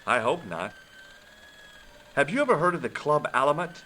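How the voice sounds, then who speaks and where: A man playing a sardonic adult male amateur detective who narrates and questions people with deadpan wisecracks, in a game with faint music. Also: a little high, moderate pace, a little hiss or hum. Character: wry adult male detective, dry humor.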